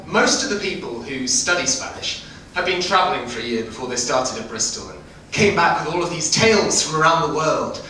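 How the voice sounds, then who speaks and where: A man's voice: fairly high pitch, sharp tone. A man in his twenties doing a stand-up comedy set on a club stage, with a dry, self-deprecating delivery. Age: 20s. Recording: echoey hall, mic far off. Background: audience laughter and room noise.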